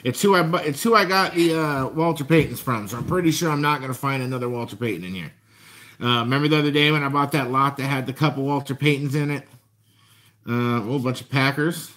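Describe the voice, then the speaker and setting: A man chatting casually to viewers while opening a box of trading cards. He gets excited and shouts over good finds. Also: medium pitch, fast. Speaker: card collector vlogger.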